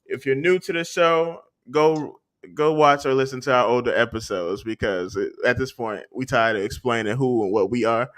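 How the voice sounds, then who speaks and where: A man's voice: medium pitch, moderate pace, few pauses, fairly bright tone. A man hosting a podcast in casual chat, loose and joking, laughing often. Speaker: podcast host.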